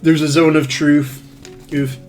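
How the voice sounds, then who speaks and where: A man narrating as game master, rambling and halting, with many fillers and restarts. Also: on the high side, little pitch movement, darkish tone, soft background music.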